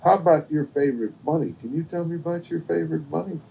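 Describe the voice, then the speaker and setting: An older man, a grandfather, telling a bedtime story to a child in a folksy, rambling, gentle way at home. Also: on the high side, fast, gravelly, breathy edge. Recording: dull lo-fi home recording.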